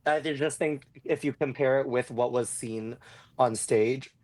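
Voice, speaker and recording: A man co-hosting a podcast, calmly explaining his view in casual chat. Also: mid-range voice, a little slow. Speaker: podcast co-host.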